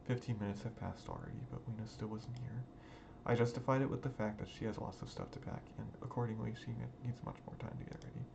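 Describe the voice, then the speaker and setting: A man's voice: on the low side, fairly even intonation, fast, vocal fry, noisy background. A man reading a visual novel aloud in a dramatic, emotional first-person narration over background music. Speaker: gaming video creator. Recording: music playing underneath.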